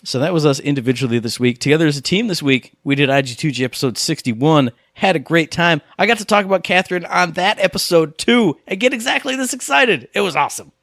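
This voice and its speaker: A man co-hosting a gaming podcast, chatting casually and rambling excitedly through stories. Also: fairly high pitch, fast, vocal fry, hardly any pauses, no echo, clean studio sound. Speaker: podcast co-host.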